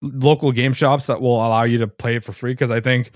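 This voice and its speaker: A podcast co-host with a medium-pitched, steady voice tells a story briskly and with lots of energy, laughing often and swearing casually in relaxed chat. The sound is clean studio quality with no room sound.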